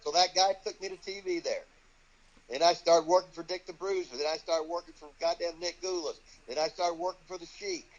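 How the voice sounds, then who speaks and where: A man's voice: on the high side, a little fast. An older man who trains wrestlers, telling profane stories in an interview and acting out the voices of the people he quotes. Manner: swears constantly, acts out quoted voices. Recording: dull lo-fi audio.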